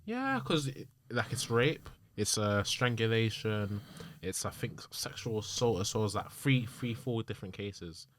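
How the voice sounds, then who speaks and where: A man's voice: fairly low pitch, big pitch swings, a little slow, fairly bright tone. A young man hosting a podcast, asking questions in casual slang. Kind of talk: casual chat.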